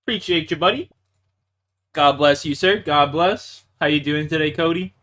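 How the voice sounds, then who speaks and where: A young Canadian gamer's voice is a little high and a bit bright, at a normal speed. Streaming live, he chats casually with his audience as bro and dude, laughs frequently, swears, pokes fun at himself, and mutters as he plays.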